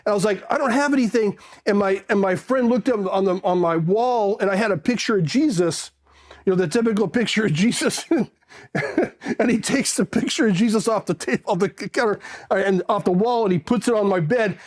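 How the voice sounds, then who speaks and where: Middle-aged man, interview guest, casual animated storyteller, higher register. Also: brisk. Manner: animated, acts out quoted voices.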